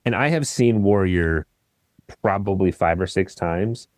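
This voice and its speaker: Aggrieved, teasing man, low voice. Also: unhurried, a little mellow, no echo, studio quality. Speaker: guest, producer. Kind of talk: casual podcast chat.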